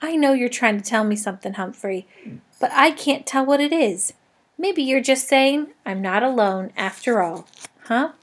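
A jovial middle-aged night janitor, put on by a woman reading aloud, chatty and full of jokes. He talks loud and high for a man, with a bright, bouncing lift in his voice. This storybook character is friendly through and through. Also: lively intonation, normal speed. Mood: kindly.

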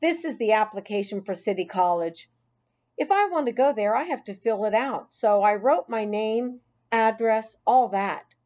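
A woman's voice: on the high side, animated, moderate pace, darkish tone, close to an everyday voice. A woman voicing a friendly, self-doubting middle-aged male custodian in an audiobook. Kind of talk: audiobook character voice.

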